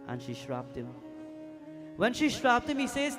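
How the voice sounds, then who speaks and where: A man's voice: very high-pitched, unhurried, long pauses, music in the background. A man giving a sermon as a pundit, telling stories and acting out the voices in them. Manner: animated preacher, acts out quoted voices, asks the crowd questions. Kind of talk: sermon with storytelling. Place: temple hall.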